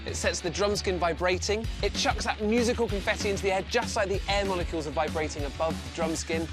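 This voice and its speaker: A man's voice: high-pitched, fast. A man presenting a children's science lesson, explaining enthusiastically step by step. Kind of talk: scripted science lesson for kids. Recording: music playing behind the voice.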